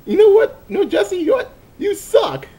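A man putting on a high, giddy falsetto to voice a gloating woman in a homemade fan photo dub. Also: sing-song, moderate pace, warm tone, heavily acted. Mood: gleeful gloating.

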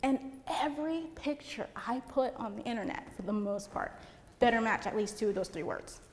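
A loud, chatty woman from Puerto Rico giving a seminar talk to photographers, using a handheld mic and saying "like" a lot. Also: on the high side, animated, moderate pace, in a large hall. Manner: chatty, lots of "like". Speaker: seminar speaker. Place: seminar room with an audience.

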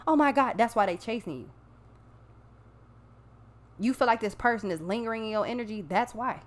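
A woman's voice: on the high side, normal speed. Blunt, profane woman reading tarot. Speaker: tarot reader. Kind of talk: casual tarot reading monologue.

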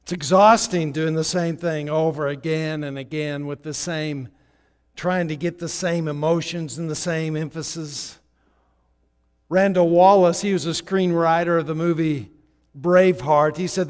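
A man preaching a sermon in a church, telling a story in a loose, conversational way with halting restarts. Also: a little high, fairly even intonation, smooth. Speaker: guest preacher. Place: church sanctuary. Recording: long hall reverb.

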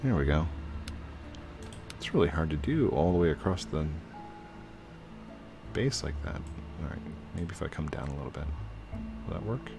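A man in his thirties giving casual, chatty commentary while gaming, excitable and breaking into high squeals. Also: moderate pace, gravelly, pauses often, music in the background. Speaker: YouTuber.

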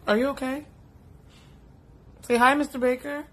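A mother gently asking her child what's wrong in a casual home prank video. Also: fairly high pitch, animated, measured pace, slightly rough. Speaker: parent.

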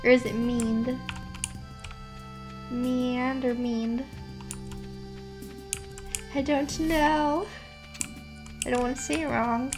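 A woman's voice: sits high, steady tone, takes it slowly, pauses often. A young woman streaming a farming game, chatting playfully with her chat, using gamer slang and sounding sleepy. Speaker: VTuber streamer. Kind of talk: casual gameplay chat. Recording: game music playing behind.

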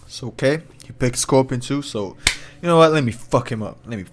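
A man giving casual, excitable, profane commentary while playing online ranked fighting-game matches. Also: mid-range voice, a little fast, noisy background. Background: fighting game music and sound effects.

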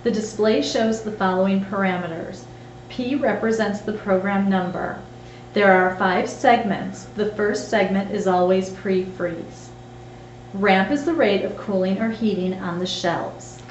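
Woman, instructional voice-over, measured delivery, roomy echo, faint background hiss. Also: mid-range voice. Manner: clear, measured step-by-step instructions. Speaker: narrator. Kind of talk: scripted instructional narration.

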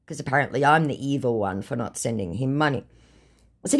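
A woman's voice: very deep voice, expressive, brisk. An Australian woman retelling a chat with a scammer in a sarcastic, indignant way. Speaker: scambaiting video creator.

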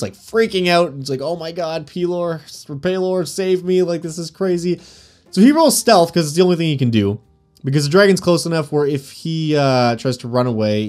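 A man working as dungeon master, casually recounting a tabletop game session with animated, laughing delivery. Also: mid-range voice. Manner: animated, laughing, frequent fillers. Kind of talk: casual game recap storytelling.

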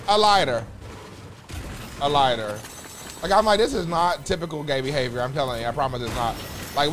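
A young man streaming a game, talking in a flamboyant, sassy, profane way with sudden loud outbursts. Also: sits high. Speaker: gaming streamer. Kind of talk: casual gameplay commentary.

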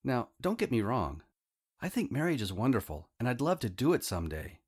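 A man's voice: medium pitch, very animated, a little fast, darkish tone, breathy edge. A man narrating a comic fantasy audiobook in the first person, with a wry, humorous storytelling manner.

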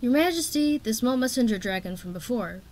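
A small, timid male messenger dragon, high and urgent, bowing and deferential as he reports, as a woman reading a storybook puts him on. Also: expressive, brisk, darkish tone.

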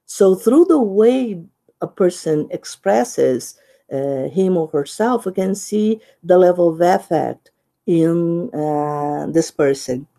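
A woman with a Brazilian accent giving a teacher-training presentation, often checking in with "right?" and "okay?" and pausing with "uh" as she explains. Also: on the low side, mellow. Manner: explanatory, with many "uh" pauses. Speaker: conference presenter.

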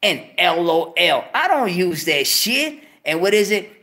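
Guy hosting his show, talking trash in street slang, swears a ton, gets loud and worked up. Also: high-pitched, unhurried. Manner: swaggering street slang, heavy cursing, animated outbursts. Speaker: show host. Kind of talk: casual profane rant to viewers.

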